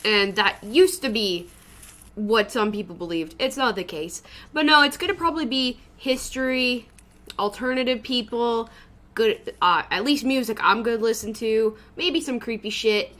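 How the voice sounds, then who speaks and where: Woman, streamer, casual live chat, sweary, laughs a lot, slightly high voice. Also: normal speed, a bit bright. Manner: loose and sweary, laughs often.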